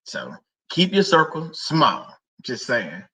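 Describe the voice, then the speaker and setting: Man, livestream host, raised pitch, laughing, slangy casual talk, slightly distant mic. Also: wildly swooping pitch, takes it slowly, bright, forceful tone. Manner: laughing, joking, slangy and repetitive. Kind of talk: casual livestream chat to viewers.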